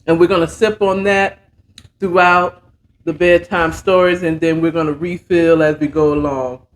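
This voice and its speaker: A woman's voice: fairly low pitch, fairly even intonation, moderate pace, a little hiss or hum. A woman hosting a casual bedtime story recap, chatting in a laid-back, slangy way while mixing and sipping a cocktail. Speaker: host and storyteller.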